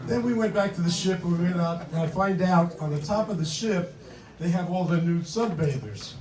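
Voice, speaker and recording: High-voiced older male stand-up comic. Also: normal speed, a little mellow. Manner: punchy, conversational joke delivery. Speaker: stand-up comedian. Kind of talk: stand-up routine. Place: comedy club stage with laughing audience. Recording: roomy hall, mic from far.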